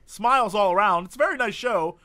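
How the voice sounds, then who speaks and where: A man's voice: high voice, fairly quick. A man co-hosting a podcast, chatting casually and joking, laughing often. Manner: jokey, animated, laughs often. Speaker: podcast co-host. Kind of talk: casual comedic chat.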